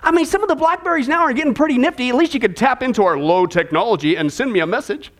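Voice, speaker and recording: A male pastor preaching a sermon in an animated, sarcastic way, often repeating his phrases. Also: very high-pitched, quick pace.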